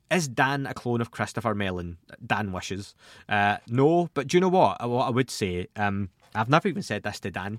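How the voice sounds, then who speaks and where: A man's voice: lowish voice, a bit bright, dry recording, clean studio sound. A man, hosting a podcast and answering listener questions in a casual, rambling way with self-deprecating asides.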